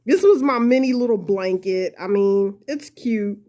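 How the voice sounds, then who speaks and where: A woman talks viewers through a crochet lesson in a loose, chatty way, laughing often and poking fun at herself. She speaks straight to her audience and calls them y'all, at an ordinary mid pitch for a woman. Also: unhurried, mellow. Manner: chatty, frequent laughter, self-deprecating. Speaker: crochet tutorial host. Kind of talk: casual talk-through tutorial.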